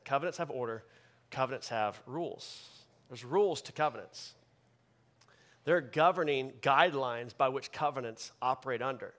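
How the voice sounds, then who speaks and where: A man pastor delivering a sermon with emphatic preaching that swings from loud bursts to quiet asides. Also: medium pitch.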